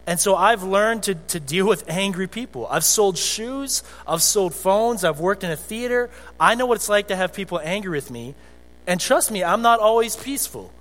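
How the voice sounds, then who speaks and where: High-voiced pastor in a reverberant hall. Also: male voice, moderate pace. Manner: conversational, animated preaching with storytelling asides. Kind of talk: sermon. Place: church sanctuary. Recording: long hall reverb with faint music.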